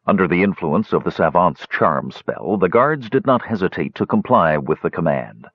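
A man narrates an audiobook in a husky, lowish voice with lively, varied pitch. The recording is dry and dull. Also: normal speed, few pauses, no room sound. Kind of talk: scripted narration.

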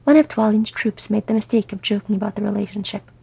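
A woman reading fan fiction aloud as an audiobook, in a soft, unhurried storytelling manner. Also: medium pitch, vocal fry, husky, poor audio. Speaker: audiobook reader.

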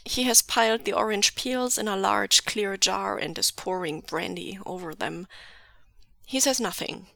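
A woman reading fan fiction aloud in a soft, measured voice that often drops to a half-whisper, close to the mic. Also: mid-range voice, vocal fry, no room sound. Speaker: podfic reader.

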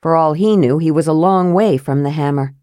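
A woman narrating a fantasy audiobook in a measured, even way. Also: low voice, no echo, studio quality.

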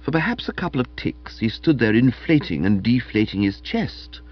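Male audiobook reader, husky, playful comic narration, muffled lo-fi sound. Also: mid-range voice, moderate pace. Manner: animated, wry storytelling, characterful quotes. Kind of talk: scripted comic novel narration. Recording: dull lo-fi recording.

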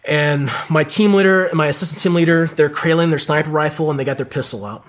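A man's voice: a little high, quick pace. A man who is a guest on a podcast, telling his own combat story in a casual, vivid way with plenty of swearing. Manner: heavy swearing, vivid and animated retelling.

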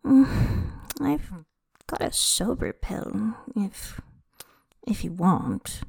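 A woman voicing a young female flower fairy, tipsy, sweet and coy, with a bright teasing lilt. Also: high-pitched, sing-song, unhurried, pitched above the performer's own voice, heavily acted. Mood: soft coaxing.

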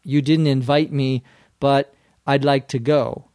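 Man, Minnesota accent, English teacher, very slow, patient, dry recording. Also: mid-range voice, steady tone, a little mellow, no room sound. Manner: patient, spells words out. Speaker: English teacher and podcast host. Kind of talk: slow explanatory lesson.

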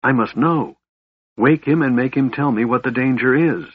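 A man voicing a proud, fierce elven woman who gives sharp commands. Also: fairly low pitch, sing-song, normal speed, slightly rough, dry recording, phone-quality sound. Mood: commanding.

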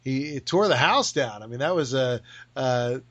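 A man co-hosting a casual podcast, an animated storyteller who acts out remembered conversations and laughs often. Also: mid-range voice, measured pace, lo-fi sound. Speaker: podcast co-host. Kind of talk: casual chat about pro wrestling history.

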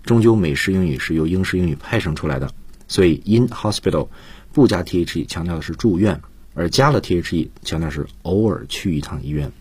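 A man teaching English on a radio lesson, explaining points in a calm, explanatory way. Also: low voice, a little fast, husky, dry recording. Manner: explanatory, switches between Chinese and English.

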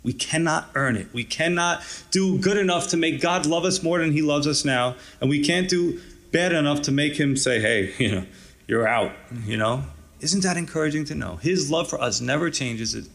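A pastor preaching a conversational, encouraging sermon, often adding "you know" and "right". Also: male voice, fairly high pitch, vocal fry, a bit bright.

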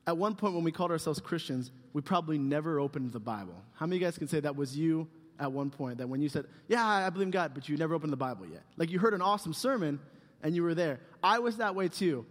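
A man's voice: on the high side, lively intonation, quick pace. A man giving a casual, humorous youth sermon, rambling and joking with lots of fillers. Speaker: youth pastor. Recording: long hall reverb.

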